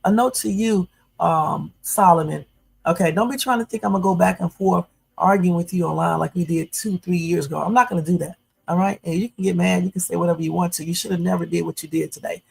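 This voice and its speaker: A woman's voice: on the low side, fast, creaky, breathy edge, rough recording. A woman in her fifties hosting a casual livestream from home, chatty and full of fillers, turning blunt and confrontational. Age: 50s. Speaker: YouTube livestream host.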